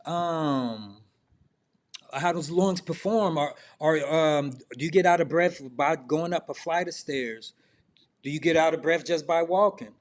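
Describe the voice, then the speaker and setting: A man's voice: on the high side, measured pace. A middle-aged man coaching in a loose, conversational way, firing off questions to the listener. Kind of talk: casual self-improvement talk.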